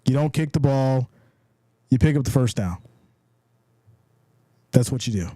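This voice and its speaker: A man's voice: mid-range voice, animated, unhurried, dry recording. A man hosting a live reaction stream of a football game, calling plays, reading chat messages aloud and cheering with casual slang. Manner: hyped, shouting and cheering on big plays; reads viewer chat aloud.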